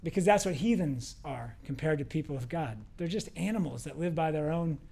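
Man, pastor, high voice, casual animated sermon, acts out quotes. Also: fairly quick, gravelly, slightly rough. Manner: conversational, animated storytelling with acted quotes.

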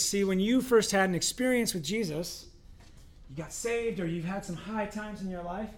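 A man with a high voice preaches to his church in a relaxed, chatty manner. He jokes with the congregation and slips into little acted voices to make his point. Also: moderate pace. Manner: conversational, humorous, acts out voices in quotes. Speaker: pastor. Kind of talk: sermon.

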